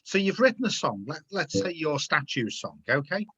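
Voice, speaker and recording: A man's voice: on the high side, big pitch swings, normal speed, a bit bright, breathy edge, dull audio. A man hosting a casual video-call chat show, chatty and encouraging, often repeating his words. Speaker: host.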